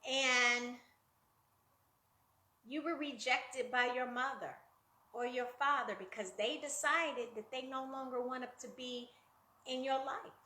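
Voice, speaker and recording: A woman's voice: sits high, fairly even intonation, slow pace, long pauses, bright, forceful tone, echoey room. A woman life coach giving a conversational motivational talk, addressing listeners directly and acting out quoted voices with big jumps.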